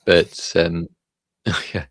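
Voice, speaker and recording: A man's voice: deep voice, level tone, very slow, husky, no echo. A man from Wales chatting casually on a livestream, hesitant and self-deprecating, with many restarts.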